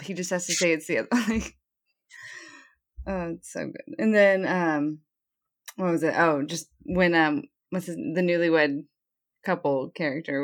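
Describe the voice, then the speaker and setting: A woman co-hosting a casual movie podcast, retelling scenes in a rambling way full of fillers and quick laughs. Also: low-pitched. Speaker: podcast co-host. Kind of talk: casual chat.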